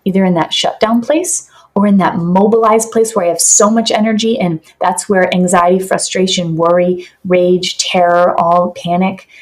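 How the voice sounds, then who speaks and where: A woman guest on a podcast, calmly explaining in an earnest, teaching way with vivid examples. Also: on the low side, normal speed, hardly any pauses. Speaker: podcast guest, somatic practitioner.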